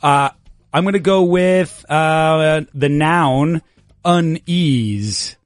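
A man's voice: a little high, very slow, dry recording, studio quality. A man teaching English vocabulary in a casual, playful lesson, encouraging his student and laughing often.

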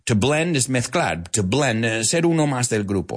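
A man teaching English to Spanish speakers, animated, explaining and repeating words as he goes. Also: mid-range voice, moderate pace. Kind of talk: bilingual language lesson.

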